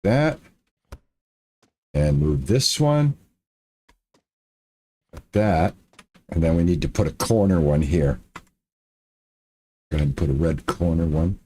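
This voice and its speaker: A gaming streamer with a low, mellow voice plays a building game, talking slowly to viewers and himself with lively intonation and long pauses. When things go wrong, he mutters and repeats lines in his casual let's-play commentary.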